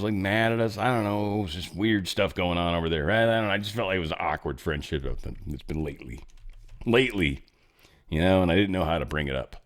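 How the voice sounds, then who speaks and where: A man's voice: on the low side, a bit bright. A man hosting a podcast, giving casual news commentary in a rambling, joking, self-interrupting way. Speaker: podcast host.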